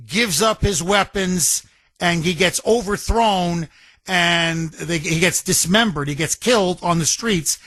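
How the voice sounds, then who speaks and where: A man hosting a talk radio show, telling a story in an animated way and acting out quotes. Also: sits high, no room sound.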